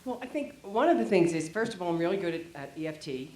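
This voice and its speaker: A woman's voice: on the low side, lively intonation, quick pace, warm tone. A woman attending a workshop, talking in a rambling, hesitant way with many fillers. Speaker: workshop participant. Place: seminar room. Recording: echoey room.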